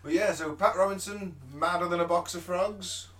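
A man's voice: high voice, fairly even intonation, moderate pace, a bit bright, recorded from a distance. A man co-hosting a podcast in casual chat, throwing in jokey remarks. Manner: chatty, jokey interjections. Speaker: podcast co-host.

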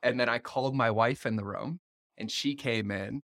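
Guy hosting a podcast, super animated storytelling, drops swears, dry close mic. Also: mid-range voice, moderate pace, no echo. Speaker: podcast host. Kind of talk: casual conversation.

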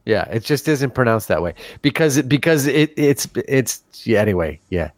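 A man's voice: medium pitch, very animated, moderate pace, dry recording. A man from Chicago hosting a podcast, reading listener mail in casual chat and tripping over his words with restarts. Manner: stumbling restarts, joking.

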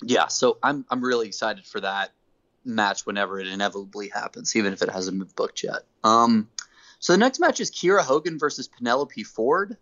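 Animated man recapping, lo-fi sound. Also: lowish voice, a little fast. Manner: animated storyteller, acts out quotes. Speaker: podcast host. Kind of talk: casual wrestling recap chat. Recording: dull lo-fi recording.

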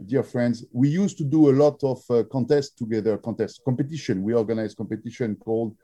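A man with a French accent telling stories in an interview, often pausing with fillers and restarting his sentences. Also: medium pitch, warm tone. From France. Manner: halting, many fillers and restarts. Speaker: drinks brand founder. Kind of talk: interview storytelling.

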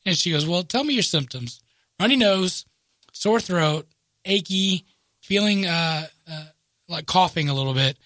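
A middle-aged man telling a self-mocking story in casual chat, animated and acting out the other people in his tale. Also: high-pitched, measured pace, no room sound, studio quality.

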